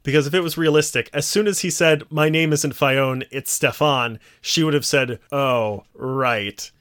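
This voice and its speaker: A man's voice: fairly high pitch, normal speed. Man retelling a story, acting out lines. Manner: animated storyteller, acts out quoted lines. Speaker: podcast co-host. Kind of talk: casual chat.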